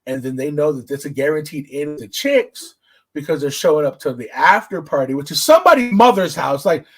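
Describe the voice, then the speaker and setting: A man hosting a podcast, telling stories in a casual, profane, animated way. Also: fairly quick, husky. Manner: animated, profane storytelling with big pitch swings. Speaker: podcast host.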